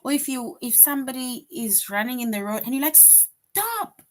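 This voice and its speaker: A woman teaching an online grade-school lesson, patient and repetitive, often checking in with "right?" and acting out example sentences with sudden lively bursts. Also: fairly high pitch, fast.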